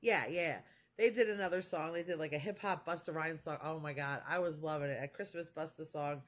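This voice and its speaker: A woman's voice: sits low, a little fast. A woman in her forties telling a rambling, gushing story in casual vlog chat, full of fillers. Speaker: crafting vlogger.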